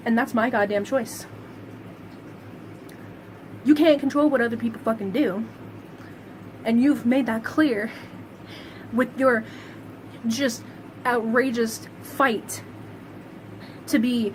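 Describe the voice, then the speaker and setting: Woman vlogger ranting hard, sweary and sarcastic, kinda high voice. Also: slow pace, long pauses, a little hiss or hum, low-quality recording. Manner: profane, heated, sarcastic ranting. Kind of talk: angry monologue to camera.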